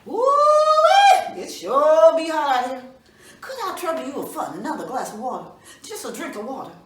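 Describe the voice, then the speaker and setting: A sly, hungry trickster rabbit, as a woman storyteller puts him on, wheedling in a folksy voice that leaps high and swoops low. He sounds roomy and a little distant, with a faint hum of the room behind him. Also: big pitch swings. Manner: folksy, drawn-out exclamations.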